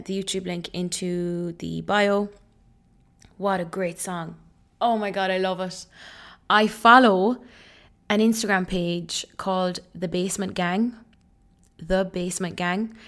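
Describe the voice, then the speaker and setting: Chatty young woman podcast host. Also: on the low side. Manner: chatty and gushing, full of fillers and "oh my God". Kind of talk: casual solo podcast chat.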